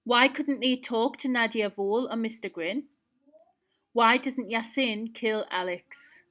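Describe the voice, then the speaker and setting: A woman's voice: fairly high pitch, measured pace, fairly bright tone. A woman teacher reading a novel aloud to her pupils and setting quiz questions. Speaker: primary school teacher.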